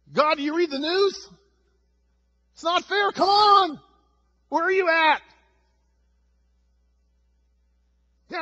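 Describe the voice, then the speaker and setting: A pastor acting out an exasperated man who shouts his complaints at God in a strained, indignant voice. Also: extremely high pitch, muffled recording, pitched above the performer's own voice, full character voice.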